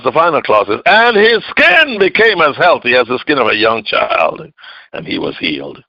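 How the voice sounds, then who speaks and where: Male preacher, emphatic sermon delivery, very animated pitch, dry close sound. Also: no echo, dull audio. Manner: emphatic, swinging from loud outbursts to low hushed lines.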